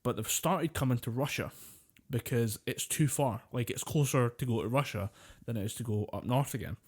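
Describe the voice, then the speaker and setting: A man's voice: mid-range voice, normal speed, a little mellow, breathy edge. A man co-hosting a podcast, telling long rambling stories in casual chat, swearing freely and laughing often. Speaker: podcast co-host.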